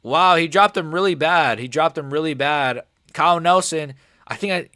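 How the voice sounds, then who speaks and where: A young man streaming a live MMA reaction, excitable and swearing, calling everyone "bro" and swinging between shouted outrage and quiet muttering. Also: sits high, normal speed, dry recording, studio quality. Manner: excitable, swears a lot, says "bro" often. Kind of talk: live fight reaction commentary.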